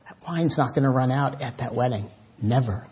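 A man preaching a sermon as pastor, swinging between loud emphatic lines and soft drawn-out words. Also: medium pitch, breathy edge. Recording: dull lo-fi church audio.

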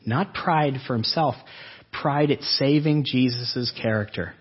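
Guy preaching a sermon, kinda husky, talks like he's chatting, lots of "isn't that true?" questions, dull lo-fi sound. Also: medium pitch, measured pace. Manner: conversational, asks the congregation rhetorical questions. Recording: dull lo-fi recording.

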